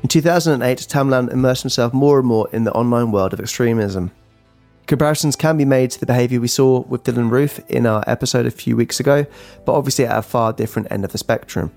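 A man co-hosting a true-crime podcast, reading his script briskly and teasing his co-host dryly. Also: medium pitch, vocal fry, a little mellow, soft background music.

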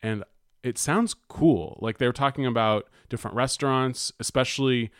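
A man's voice: medium pitch, normal speed, clean tone, no room sound, clean studio sound. A man co-hosting a podcast, chatting casually and hesitantly, reading bits of an article with many fillers. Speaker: podcast co-host. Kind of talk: casual chat.

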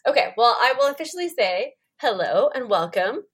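A woman's voice: a little high, big pitch swings, normal speed, slightly rough. Friendly Canadian woman hosting a podcast. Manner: friendly, reassuring, laughs easily. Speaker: podcast host. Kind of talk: casual interview.

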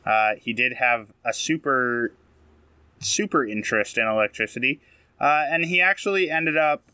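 A man's voice: medium pitch, moderate pace, bright, forceful tone, smooth, dry recording. A man co-hosting a comedy podcast, telling a history story in a dry, mock-serious way, with frequent ums and uhs. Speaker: podcast co-host.

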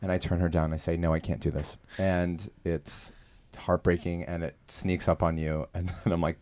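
Low-voiced man, animated storytelling. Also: normal speed. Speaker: musical theatre actor. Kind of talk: casual interview chat.

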